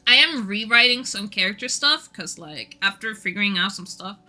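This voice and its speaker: A woman's voice: mid-range voice, expressive, moderate pace, pushed and bright, faint music behind. A Norwegian-speaking woman streaming casually, rambling and giggling often while chatting to viewers. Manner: giggly, rambling, self-deprecating.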